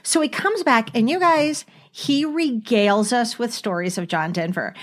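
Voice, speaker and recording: A woman hosting a podcast, telling a story in casual chat with lively, frequent laughter. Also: a little high, moderate pace. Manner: animated storyteller, laughing often. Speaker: podcast host.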